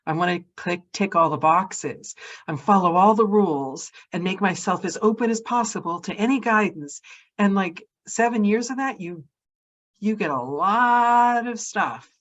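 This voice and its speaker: A woman hosting an interview podcast, speaking in a lively, animated way about her own experiences. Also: medium pitch, a little slow, highs cut off. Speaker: podcast host. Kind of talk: casual interview chat.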